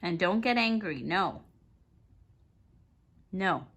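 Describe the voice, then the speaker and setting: A woman at home talking to her pet parrot in a playful, coaxing sing-song, scolding it gently and fussing over it in baby talk. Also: fairly low pitch, animated, slow pace. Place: home indoors, by a fireplace.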